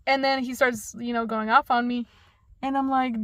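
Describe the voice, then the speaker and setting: A young woman tells a long dream story in a loose, casual way. She swears freely and acts out the back-and-forth herself. Her voice sits fairly high and sounds close and dry, with no room around it. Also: brisk, no echo. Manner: animated, profane, acts out dialogue.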